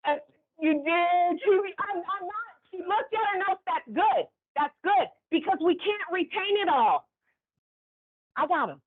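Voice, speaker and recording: A woman leading a staff training class. She talks in a lively way and keeps checking in with the group. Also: very high voice, a little slow. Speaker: workplace trainer. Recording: tinny phone-like recording.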